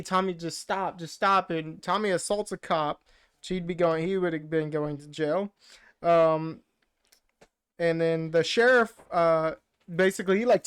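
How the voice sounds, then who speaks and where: A man's voice: on the high side, smooth. A man co-hosting a podcast, casually retelling a movie plot in a rambling way with quoted lines. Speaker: podcast co-host. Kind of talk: casual movie recap chat.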